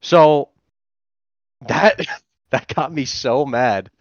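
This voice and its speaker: A man co-hosting a podcast, telling a story in a casual, profane and animated way. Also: mid-range voice, very slow. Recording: dull, dry lo-fi sound.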